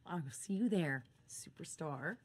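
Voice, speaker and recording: Eager pushy sitcom mom. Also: female voice, medium pitch, animated, brisk, darkish tone, husky. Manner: chirpy and pushy. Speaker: mother.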